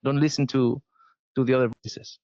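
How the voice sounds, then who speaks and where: A man's voice: mid-range voice, level tone, normal speed, darkish tone, dry recording, dull audio. A man with a Spanish accent, a guest giving advice in a casual interview, emphatic and often repeating words as he restarts. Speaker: sales guest.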